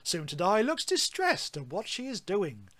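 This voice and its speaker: A man voicing a snooty, pompous male art critic, reading in a drawn-out, lofty way. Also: sits high, wildly swooping pitch, pushed and bright, exaggerated voice.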